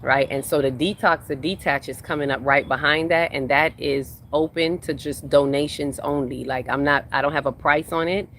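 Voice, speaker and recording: A spiritual workshop host livestreams in a relaxed way, voicing viewers' comments and answering them, repeating phrases for emphasis. The medium-pitched, slightly bright voice keeps fairly even intonation at a moderate pace with few pauses, over a little hiss or hum.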